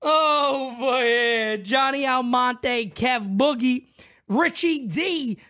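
A young man hosting a loud, excitable live reaction stream, shouting out names from the chat. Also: very high-pitched, very slow.

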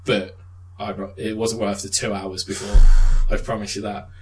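A young man chatting casually, retelling a film with lively swearing and laughter. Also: lowish voice, normal speed, soft background music, poor audio. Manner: animated storytelling with swearing and laughs. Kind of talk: casual chat.

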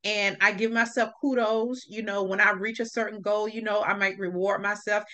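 Bright emphatic woman host. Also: medium pitch, fairly even intonation, normal speed. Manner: emphatic, agreeable, asks prepared questions. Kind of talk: casual chat.

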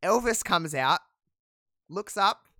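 A man telling a casual wrestling recap as a podcast co-host, animated, with lots of fillers. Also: sits high, slow, no echo, clean studio sound. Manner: animated storyteller, many fillers.

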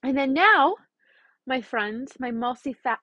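A young adult woman hosting her own podcast, talking in a chatty, blunt and animated way, with the odd swear word. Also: high-pitched, unhurried, no room sound, dull audio. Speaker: podcast host. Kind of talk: casual solo podcast monologue.

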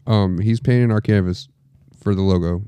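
A man's voice: lowish voice, normal speed, mellow, clean tone, dry recording. A man co-hosting a podcast in casual chat, laid-back and slangy, cheering his partner on. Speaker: podcast co-host.

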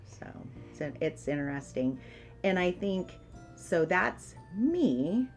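A woman's voice: lowish voice, big pitch swings, slow pace, soft background music. A woman co-hosting a podcast in casual chat, earnest, talking in stops and restarts. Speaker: podcast co-host.

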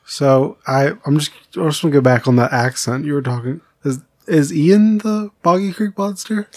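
A man's voice: a little high, moderate pace. A man co-hosting a podcast, chatting casually and teasing his partner with wisecracking questions. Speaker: podcast co-host.

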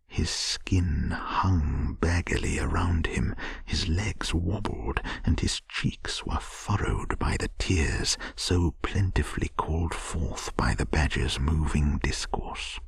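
Man whispering a bedtime story, gravelly. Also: a bass voice, slow pace, no echo. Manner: soft, soothing whisper.

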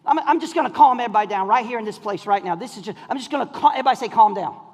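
A man preaching a sermon in a church, calling out to the congregation and swinging between shouts and near whispers. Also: very high-pitched, animated, rapid-fire, big-room sound. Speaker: pastor. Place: church sanctuary.

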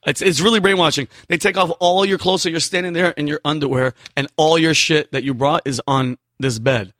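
Brief: thirties male comic guest, slightly high voice, dry close sound, lively storyteller who curses freely. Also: fairly quick, no echo. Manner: animated storyteller, swears a lot, acts out quotes. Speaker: comedian guest. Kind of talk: casual podcast chat.

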